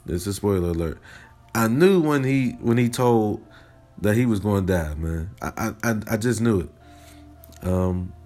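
A man hosting a casual solo podcast, talking with passion and repeating himself, peppering his talk with "man" and "you know what I mean". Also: lowish voice. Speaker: podcast host.

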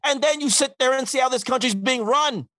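A man's voice: very high-pitched, brisk, sharp tone, dry recording. A man co-hosting a casual podcast, ranting emphatically with profanity and acting out quotes. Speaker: podcast co-host. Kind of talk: casual comedic podcast rant.

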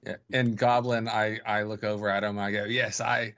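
A man playing a tabletop game, joking around and talking in character as a smooth-talking bard. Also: on the low side, level tone, brisk, a bit bright, no room sound, muffled recording. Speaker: player. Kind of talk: casual tabletop game play.

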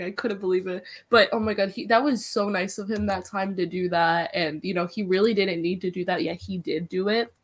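A woman's voice: mid-range voice, brisk, hardly any pauses. Bubbly young woman telling a story. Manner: bubbly, excitable storytelling, many "like"s. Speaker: wrestling interviewer, podcast guest. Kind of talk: casual podcast chat.

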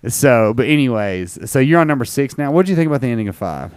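Lively male podcast host. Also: medium pitch, fast talker, smooth, no echo. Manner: animated, teasing, asks questions. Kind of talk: casual chat.

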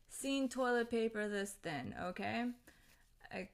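Woman, vlogger, exasperated rant, profane, emphatic, mid-pitched voice. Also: expressive, unhurried. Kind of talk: ranting to camera.

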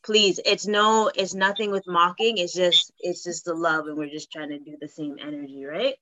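A woman co-hosting a casual podcast chat, giggly and animated. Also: fairly low pitch, moderate pace, dry recording. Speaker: podcast co-host.

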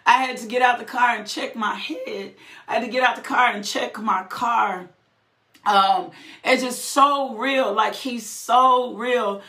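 A woman's voice: a little high, a little slow, pushed and bright. A woman giving a fervent, emotional personal testimony, repeating phrases and breaking into laughter. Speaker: testifying believer. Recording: roomy echo.

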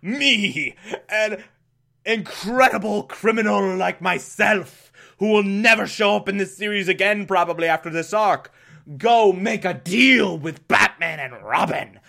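A man's voice: high voice, a little slow, vocal fry, pushed and bright, heavily acted. A man voicing a vain, theatrical villain in a raised, grand manner. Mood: mock-offended.

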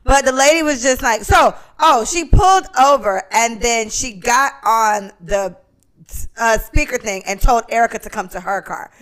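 A young woman co-hosting a podcast, telling stories in casual chat, animated and swearing freely, acting out the other people in her stories. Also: a little high, normal speed. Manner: animated, acts out quoted voices, swears freely. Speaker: podcast co-host.

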